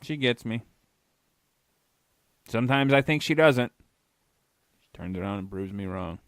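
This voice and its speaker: A man's voice: medium pitch, animated, a little slow, a bit bright, clean tone, dry recording, clean studio sound. A man co-hosting a podcast, talking in casual crude banter, profane and rambling, poking fun at his own fear of flying. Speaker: podcast co-host.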